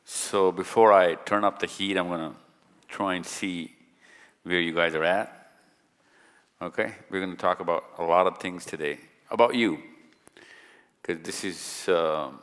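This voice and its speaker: Bright-voiced man speaking in a hall. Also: sits low, steady tone, unhurried, long pauses. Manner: chatty, jokey, questions the audience directly. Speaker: speaker at a live event. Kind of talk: casual talk to a live audience. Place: large hall with stage lights. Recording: long hall reverb.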